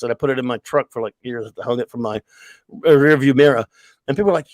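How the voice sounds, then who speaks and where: A man's voice: medium pitch, fast talker, dry recording. A middle-aged man hosting a casual stream, telling long rambling stories laced with profanity. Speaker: livestream host. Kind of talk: casual chat.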